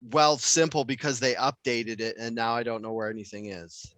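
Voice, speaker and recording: A man's voice: medium pitch, fairly even intonation, normal speed, fairly bright tone, no echo. A man co-hosting a podcast, rambling casually and swearing often in loose conversation. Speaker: podcast co-host.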